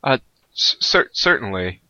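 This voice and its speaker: A man's voice: mid-range voice, sing-song, a little slow, sharp tone, no echo, highs cut off, heavily acted. A man playing a polite, formal dean. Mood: courteous. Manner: courteous, formal.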